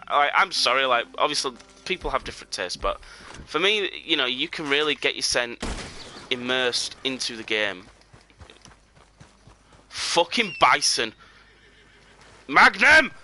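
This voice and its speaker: A man's voice: mid-range voice, sharp tone, a little hiss or hum. A man streaming a game, chatting casually and rambling with lots of "you know" and "um" fillers. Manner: drops to a near whisper while sneaking up on game. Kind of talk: casual live gameplay commentary.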